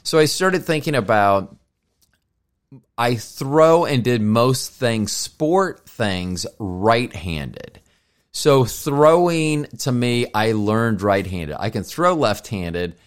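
A man's voice: mid-range voice, lively intonation, slow pace, clean tone. A man in his fifties hosting a podcast as a solo monologue, rambling from thought to thought, swearing casually, and joking at his own expense. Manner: rambling, profane, self-mocking. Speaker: podcast host.

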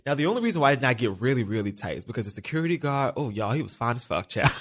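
A young man from the United States hosting a casual solo podcast, chatty and animated, swearing freely. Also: medium pitch, very fast, hardly any pauses, a little hiss or hum. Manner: animated, chatty, swears freely, quotes himself in little voices. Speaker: podcast host.

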